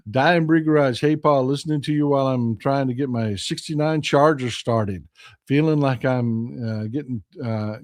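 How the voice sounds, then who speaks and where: A man's voice: medium pitch, no echo, studio quality. A man hosting a live stream, chatting in a folksy, rambling way as he reads viewer comments. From Texas. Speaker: host of a live call-in stream. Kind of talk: casual chat reading viewer comments.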